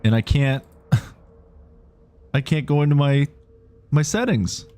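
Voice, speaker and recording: A man's voice: a little high, lively intonation, takes it slowly, warm tone, soft background music. A man with a Canadian accent streaming a game, chatting and thinking aloud as he reads on-screen prompts. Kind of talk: live gameplay commentary.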